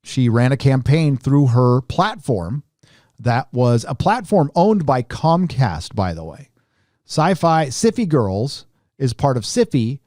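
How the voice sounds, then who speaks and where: A man's voice: mid-range voice, a little mellow, no room sound, studio quality. A middle-aged man hosting a casual commentary show, talking in a sarcastic, mocking way. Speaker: host.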